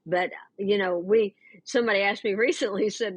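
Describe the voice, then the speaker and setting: A woman's voice: medium pitch, steady tone, moderate pace, few pauses, husky, no room sound. A woman co-hosting a chat podcast, speaking earnestly and carefully qualifying what she says. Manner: earnest, explains and qualifies her points. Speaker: podcast co-host. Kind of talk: casual chat.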